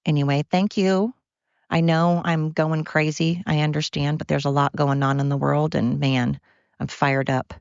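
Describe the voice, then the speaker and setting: A woman's voice: sits low, flat delivery, moderate pace, creaky, a little mellow, dry recording, lo-fi sound. A woman hosting her own podcast, ranting in a heated, blunt way and swearing freely. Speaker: podcast host. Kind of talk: solo podcast rant.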